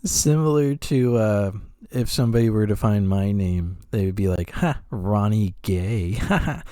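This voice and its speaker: A man's voice: on the low side, moderate pace, mellow, dry recording, clean studio sound. A man co-hosting a podcast in casual chat, laid-back and wry. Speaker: podcast co-host.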